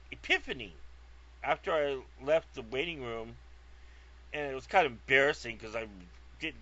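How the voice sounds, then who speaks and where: A man's voice: medium pitch, fairly bright tone. A man from California telling a rambling, comic story, digressive, profane and self-mocking, recorded on a lo-fi track. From California, USA. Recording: lo-fi dull sound.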